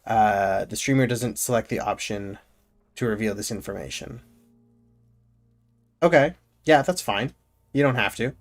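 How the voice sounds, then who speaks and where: A male streamer reading video game text aloud slowly and carefully, breaking off for casual asides to his viewers. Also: on the low side, soft background music. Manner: reads game narration in a slow, measured way, breaking off for casual asides.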